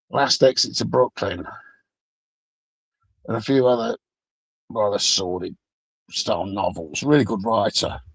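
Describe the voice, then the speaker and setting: A man's voice: mid-range voice, gravelly, a bit bright, slightly rough, dry recording, poor audio. A man rambling through a crude, profane monologue. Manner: rambling, crude, heavy swearing. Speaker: vlogger.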